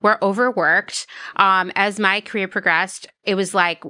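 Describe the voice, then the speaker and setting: A woman's voice: mid-range voice, fairly even intonation, a little slow, pushed and bright, smooth, dry recording, clean studio sound. A woman hosting a podcast, talking in a candid, earnest, casual way with lots of "like" fillers. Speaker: podcast host. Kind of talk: casual conversational podcast chat.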